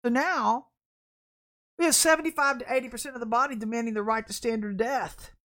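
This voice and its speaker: A woman's voice: a little high, a little fast. A woman giving a casual podcast sermon, telling stories with laughter and acting out quoted voices. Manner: animated storytelling with laughter and acted quotes. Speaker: podcast preacher.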